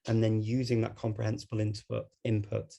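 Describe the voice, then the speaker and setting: A man's voice: lowish voice, monotone, a little fast, vocal fry, warm tone. A man with a Scouse Liverpool accent, giving an online talk in a chatty way and laughing between points. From Liverpool, England. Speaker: guest speaker on language learning.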